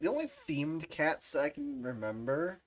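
A speaker in casual livestream chat, talking slowly and haltingly. Lines are full of fillers and stalls, broken up by frequent laughs. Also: mid-range voice, lively intonation. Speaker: livestream podcast co-host.

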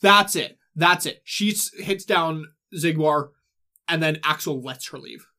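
A man hosting a casual podcast, walking friends through a game's story in a quick, loose retelling. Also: fairly high pitch, sharp tone. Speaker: host. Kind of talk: casual chat, recapping a game story.

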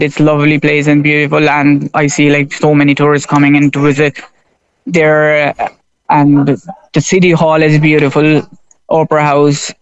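A man's voice: fairly high pitch, clear, resonant tone, muffled recording. A man from Pakistan, a shop worker being interviewed on the radio, speaking hesitantly and searching for words with many fillers, laughing easily. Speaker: railway station shop worker interviewed as guest.

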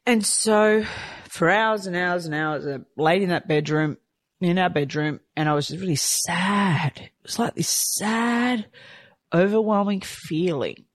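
A woman telling a personal story candidly and from the heart, rushing and restarting her sentences. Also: fairly low pitch, no room sound. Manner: heartfelt, rushed, with frequent restarts. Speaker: storyteller sharing a personal experience.

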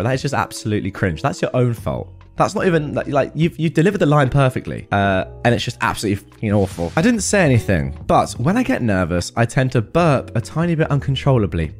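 A man's voice: medium pitch, fast talker, few pauses. A man reading reddit posts aloud and adding wry comments, with faint music behind him. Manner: wry, animated commentary with frequent laughs. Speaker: reddit storytime host.

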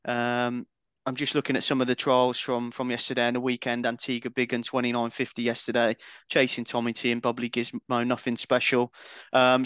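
A man co-hosting a betting podcast, giving his picks in a measured, hesitant way with frequent ums. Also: medium pitch, fairly bright tone, clear, resonant tone, dry recording. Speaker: podcast co-host. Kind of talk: betting preview chat.

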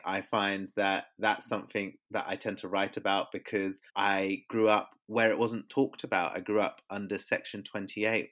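A man's voice: deep voice, a bit bright. A man, a poet and author giving frank, reflective interview answers. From England.

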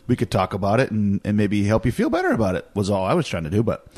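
A man co-hosts a podcast in relaxed casual chat, with a lively, animated pitch. He speaks earnestly and explains himself at length, often restarting his sentences. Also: fast. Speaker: podcast co-host.

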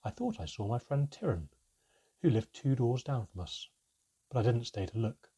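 A man reading a fantasy storybook aloud in first person, with a steady, measured delivery. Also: mid-range voice, breathy edge. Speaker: audiobook narrator.

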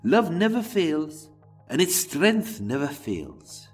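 Man doing a slow, sing-song Welsh reciter, earnest and lilting. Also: a little high, sing-song, faint music behind, voice pushed up. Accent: put-on generic Welsh. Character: sentimental male poet reciting.

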